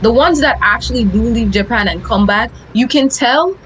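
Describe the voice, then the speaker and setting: A woman's voice: fairly high pitch, moderate pace, poor audio. A young Jamaican woman with a slightly raised voice talks casually about her teaching job. She tells stories with lots of swearing. A faint hum sits behind her. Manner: animated storyteller, swears freely, mimics others. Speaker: English teacher in Japan. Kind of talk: casual podcast chat.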